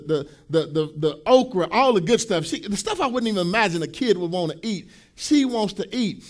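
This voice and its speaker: A man in his thirties preaching a sermon as pastor, with a sing-song cadence that rises to shouts. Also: sits high.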